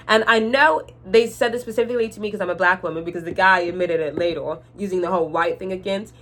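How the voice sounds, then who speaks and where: A young woman with a soft R sound, telling a storytime rant on her vlog, exasperated and swearing freely. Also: fairly low pitch. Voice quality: cannot say R sounds. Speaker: vlogger.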